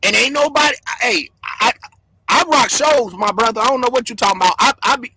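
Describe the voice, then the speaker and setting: A man hosting a livestream, yelling and cursing in fired-up commentary from home. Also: very high voice, a little fast, breathy edge. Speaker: livestream host.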